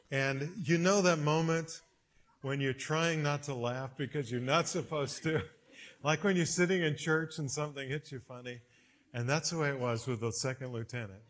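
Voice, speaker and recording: Lively preacher guy, kinda high voice, storytelling sermon. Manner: animated storyteller with big swings in pitch and loudness.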